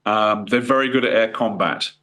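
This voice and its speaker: A middle-aged man with a croaky voice from a cold, answering interview questions in a hesitant way with fillers and restarts. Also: on the low side, normal speed, bright, forceful tone. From United Kingdom. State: hoarse from a cold. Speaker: guest, former fighter pilot.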